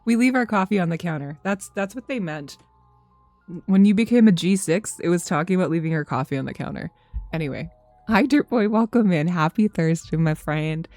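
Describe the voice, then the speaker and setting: A woman's voice: lowish voice, animated, fairly quick, darkish tone, dry recording, faint music behind. A woman in her thirties streaming from home, chatting loosely with her viewers, rambling, swearing freely and laughing often. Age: 30s. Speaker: game streamer. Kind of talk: casual chat with live chat.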